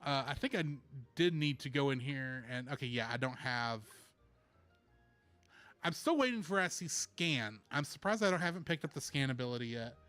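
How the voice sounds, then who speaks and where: A man's voice: medium pitch, animated, moderate pace, fairly bright tone, soft background music. A man giving casual walkthrough commentary on a video game, explaining with lots of "uh" fillers and answering chat. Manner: chatty, explaining with many "uh" fillers; reads chat messages and replies.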